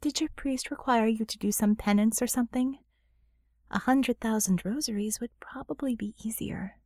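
A woman voicing a wry, sharp-tongued young woman in an audiobook, in a close, everyday voice. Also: a little high, dry recording, natural voice. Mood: sarcastic. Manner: wry, quick, sarcastic. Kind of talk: audiobook character voice.

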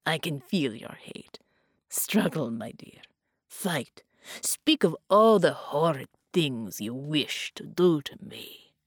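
A woman voicing a sadistic male sorcerer who sneers and mutters in low whispers. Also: expressive, slow, no echo, studio quality, heavily acted. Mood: cackling taunt.

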